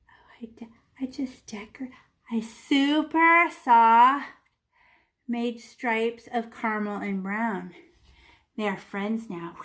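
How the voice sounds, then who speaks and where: A woman leads a children's painting lesson, describing each brushstroke as she makes it. Her voice sits a little high and stays playful, with whooshes and small sound effects as she demonstrates. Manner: talks while painting, demonstrating step by step. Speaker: art teacher.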